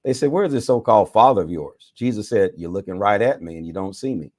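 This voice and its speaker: A man's voice: lowish voice, expressive, fast, a little mellow, no room sound, clean studio sound. A man, a bishop, reading scripture aloud with dramatic emphasis, now and then correcting himself and adding his own remarks. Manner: dramatic reading with self-corrections and side comments.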